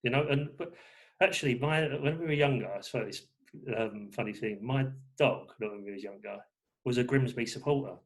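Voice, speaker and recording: A man's voice: mid-range voice, moderate pace. Rambling man, chatty guest. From England. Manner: rambling, many fillers and restarts. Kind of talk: casual conversation.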